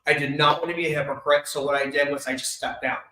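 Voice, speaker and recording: A man candidly sharing a personal story with an audience, open and emotional, with quick flashes of humor. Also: a little high, steady tone, pushed and bright. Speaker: speaker sharing his life story. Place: event hall at an expo. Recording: echoey hall.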